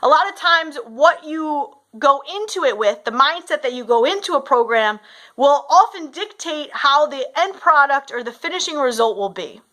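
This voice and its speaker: A woman's voice: high voice, animated, normal speed, bright, forceful tone. A woman coach giving a motivational talk, telling a story and often adding "right?". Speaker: fitness and mindset coach.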